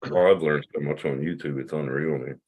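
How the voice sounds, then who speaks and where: A man's voice: a bass voice, fairly even intonation, fairly quick, a little mellow, husky. A man in his fifties from Pennsylvania, hosting a loose livestream chat, rambling and swearing freely. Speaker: livestream host.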